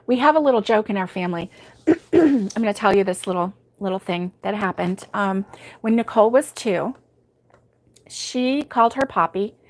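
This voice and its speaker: A middle-aged woman hosting a live crochet stream, chatting casually, laughing often and reading out viewer comments. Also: mid-range voice.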